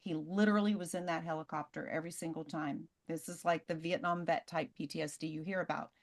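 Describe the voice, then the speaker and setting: A woman presenter on a video call, telling casual, lively stories in quick bursts. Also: deep voice. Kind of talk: animated storytelling on a video call.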